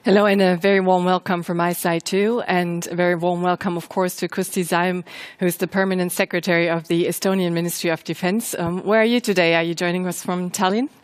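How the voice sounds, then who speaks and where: A woman's voice: fairly low pitch, fairly even intonation, brisk, dry recording. Woman journalist asking questions on a conference stage, friendly, bit of um, dry sound. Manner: friendly, clear questions with some ums. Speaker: journalist, interviewer. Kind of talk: conference interview.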